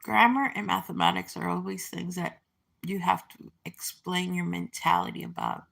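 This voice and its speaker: Gravelly woman in her forties, rambling. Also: lowish voice, fairly even intonation, normal speed, fairly bright tone. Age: 40s. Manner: meandering, reminiscing, with many fillers and restarts. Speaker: vlogger. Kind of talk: casual rambling monologue.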